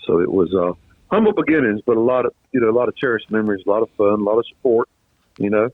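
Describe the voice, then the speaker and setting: A man, a retired racer talking as an interview guest, rambling, repeating words and clearing a throat that is choked up with a cough. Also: lowish voice, lively intonation, fast talker, no room sound. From Virginia. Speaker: guest, retired race car driver. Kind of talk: casual interview storytelling. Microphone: phone call. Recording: tinny dry phone line.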